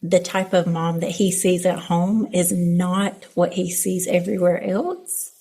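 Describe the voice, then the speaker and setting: A woman's voice: lowish voice, fairly even intonation, a little slow, warm tone, breathy edge. A mother from the Southern United States, talking candidly and with self-deprecating humor about her son in a podcast conversation.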